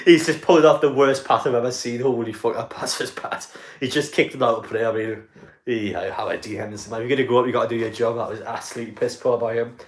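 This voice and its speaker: A man talks loosely over a live football match on his stream, swearing, laughing and chatting to his viewers. His voice sits at an ordinary middle pitch. It is recorded on a desk mic in an echoey room. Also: steady tone, quick pace. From North East England.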